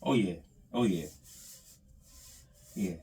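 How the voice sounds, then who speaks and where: A man, chatting casually to viewers while he works on his bass. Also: slow pace, breathy edge, distant mic. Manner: animated, talks to himself and the viewers while sanding. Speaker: bass modder. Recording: sanding noise, voice off-mic.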